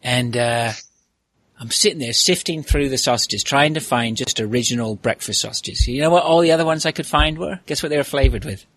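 A man's voice: mid-range voice, a little fast, a bit bright, dry recording. A man hosting a podcast, chatting casually and telling a long rambling story with plenty of asides. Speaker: podcast host. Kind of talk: casual chat.

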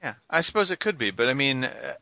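Bright-voiced male podcast host. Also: medium pitch, big pitch swings, fast, gravelly, no room sound. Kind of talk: casual chat.

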